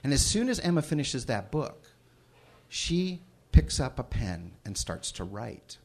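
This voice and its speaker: A middle-aged man tells a story on stage before a live audience. His voice is husky and a little breathy, at an ordinary male pitch. He swings from soft, hushed asides to loud bursts. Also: big pitch swings, a little slow. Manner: shifts from hushed asides to loud shouted reading.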